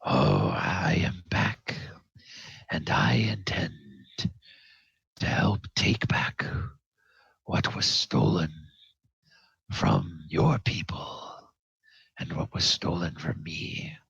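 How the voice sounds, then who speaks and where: A man voicing a calm, resolute dwarf who speaks low and half-whispered. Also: very slow, vocal fry, long pauses, husky, dry recording, dull audio, full character voice. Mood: solemn. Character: wise returned male dwarf, calm and resolute.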